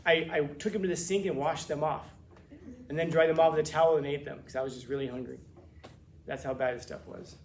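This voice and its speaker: A man with a slightly high voice lectures his class in a joking, animated way, full of quick asides and playful teasing. A faint hum of room noise sits behind him. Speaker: teacher.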